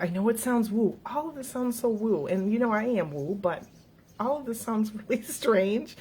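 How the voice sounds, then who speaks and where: A middle-aged woman with a fairly low voice gives an encouraging, earnest motivational talk to her viewers. She laughs easily as she goes. A faint hiss of noise sits under her voice. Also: dark tone. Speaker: host.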